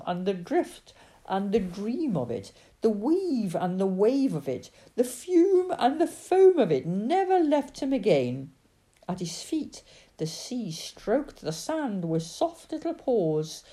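A woman reading a children's storybook aloud in a dramatic, expressive way. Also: a little high. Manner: dramatic, sing-song.

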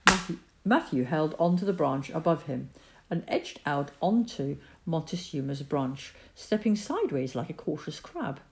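A woman narrating a children's story in a calm, measured reading voice. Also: deep voice, creaky, a little hiss or hum.

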